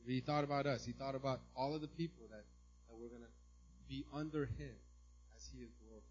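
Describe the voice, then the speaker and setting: Conversational pastor preaching a sermon, dull recording. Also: male voice, medium pitch, steady tone, a little fast, husky. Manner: conversational, asks "right?" often, bursts into loud mimicry.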